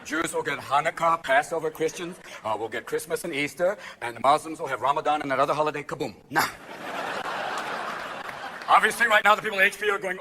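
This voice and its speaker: Male stand-up comic, manic and shouty, high bright voice, live show with faint audience noise. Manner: manic, rapid voice switching, shouting bursts. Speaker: stand-up comedian. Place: live comedy stage with laughing audience. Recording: live show audio with crowd laughter.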